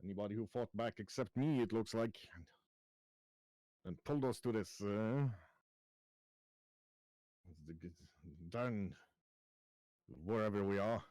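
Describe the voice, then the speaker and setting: A man voicing a gruff rescued male traveler who sprinkles German-style curses into his speech during a tabletop game. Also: lowish voice, unhurried, pauses often, darkish tone, dry recording, close to an everyday voice, poor audio. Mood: grumbling. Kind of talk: tabletop role-play voice.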